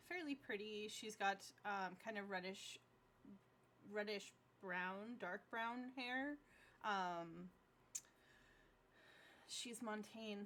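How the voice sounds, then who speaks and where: A woman's voice: medium pitch, a bit bright. Woman describing her rpg character, lots of ums, bit of hiss behind her. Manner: casual, hesitant, many fillers. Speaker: player.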